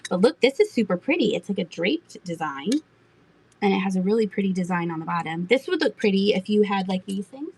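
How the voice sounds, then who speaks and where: A woman's voice: medium pitch, very animated, brisk, a little mellow, a little hiss or hum, poor audio. A middle-aged woman hosting a live online auction, chatting and giggling with viewers as she shows vintage items. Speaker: live-stream auction seller. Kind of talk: casual live-selling chat.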